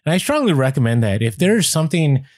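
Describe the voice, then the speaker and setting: A man with a Latino accent co-hosting a casual podcast, speaking in a relaxed, conversational way. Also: fairly high pitch, fast talker, dry recording, clean studio sound. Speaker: podcast co-host.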